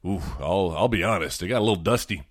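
Man, podcast co-host, casual movie chat, quick to laugh, low voice, very animated pitch. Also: dry recording, studio quality. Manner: laughs easily, playful banter.

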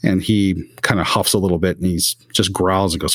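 A man's voice: low voice, fairly even intonation, a little fast, few pauses, a bit bright, no echo, clean studio sound. A man narrating a tabletop role-playing game as game master, casual and rambling.

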